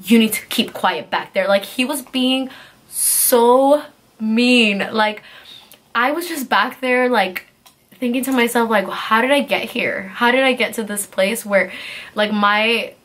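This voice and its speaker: A young woman vlogger telling a casual storytime in an animated way, filling her speech with "like" and acting out what people said. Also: fairly high pitch, takes it slowly. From California. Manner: animated, heavy use of "like", acts out quotes.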